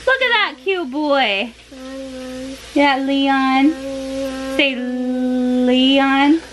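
Recording a home video, this young American woman keeps giggling and speaks baby talk to her little boy. She talks very slowly in a high-pitched voice over a noisy background.

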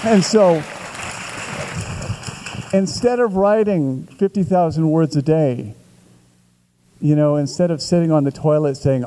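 A man, an author at a Q&A, telling a long, vivid anecdote in a casual way with small restarts, slowing and building as the story grows. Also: a little high, warm tone, a little hiss or hum, rough recording. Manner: vivid, building storyteller who shifts pace for effect. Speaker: author answering a question.

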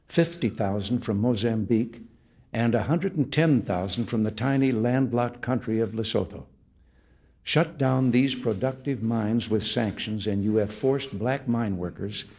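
Husky older man giving a formal address. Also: medium pitch, a little mellow. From United States. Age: 70s. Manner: measured, deliberate oratory in short phrases. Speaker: head of state giving an address. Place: formal state room, indoors.

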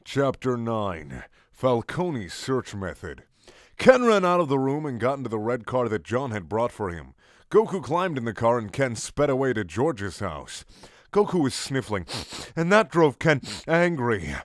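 A man's voice: medium pitch, big pitch swings, moderate pace, dry recording, clean studio sound. A man doing a comic dramatic reading of a fanfic, mock-solemn with incredulous asides. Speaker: fanfic reader.

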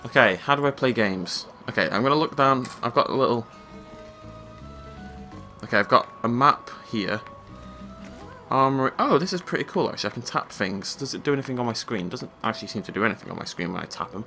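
A man narrating his own gameplay in a loose, chatty way, dry and amused as he talks to himself. His voice is bright and lively, rising and falling a lot. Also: mid-range voice, a little fast, soft background music. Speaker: let's play gamer. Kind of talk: casual gameplay commentary.

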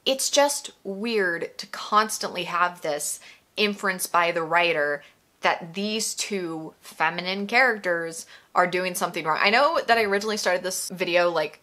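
A woman's voice: fairly low pitch, pushed and bright. A woman hosting a video essay commentary. She talks casually and emphatically, often with "like", and asks many exasperated rhetorical questions. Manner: casual, filler-heavy with frequent "like".

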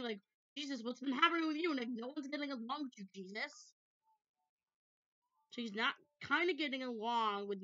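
An excitable woman chatting her way through a game. Her voice is bright and sharp, and she rambles, then suddenly gets loud. The sound is dull and lo-fi, with no room echo. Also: on the high side. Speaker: gameplay commentator. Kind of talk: casual game commentary. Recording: dull lo-fi dry recording.

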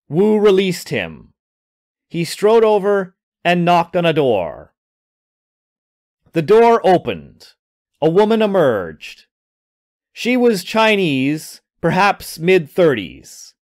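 A man reading his own adventure story aloud, narrating in an expressive storytelling manner. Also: sits high, slow pace, pauses often.

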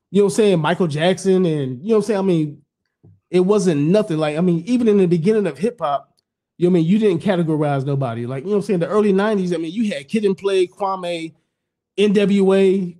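A man's voice: sits high, warm tone. A middle-aged man talking in a loose, rambling way, peppering everything with "you know what I'm saying" and blunt, profane remarks. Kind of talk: casual podcast chat.

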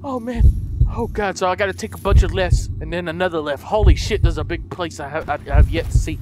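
Very high-voiced panicky man gaming. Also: fast talker. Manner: panicky, screaming, melodramatic. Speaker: gaming video host. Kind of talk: horror game commentary. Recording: loud background music.

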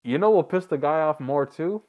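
A man's voice: a little high, normal speed, phone-quality sound, very noisy. A man hosting a reaction video, chatting casually, rambling and joking with frequent laughs.

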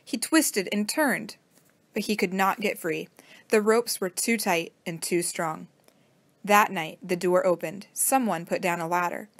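A woman reading a children's storybook aloud as narrator, in a steady, plain manner. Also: lowish voice, unhurried, no room sound.

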